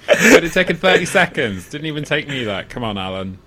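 A man's voice: on the high side, big pitch swings, brisk, heavy background noise. A man co-hosting a casual film podcast, dry and sardonic, swearing now and then. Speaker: podcast co-host.

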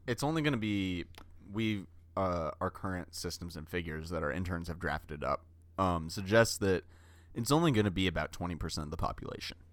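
A man co-hosting a comedy podcast, delivering absurd bits in a deadpan, mock-serious way. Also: low-pitched, a little fast, dry recording. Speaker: podcast co-host. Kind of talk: comedic improvised banter.

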